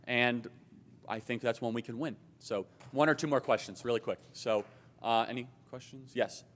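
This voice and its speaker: Male speaker at a conference, mid pitch, brisk and emphatic, fielding questions. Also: fairly even intonation. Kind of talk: political speech with audience Q&A. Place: hotel conference hall.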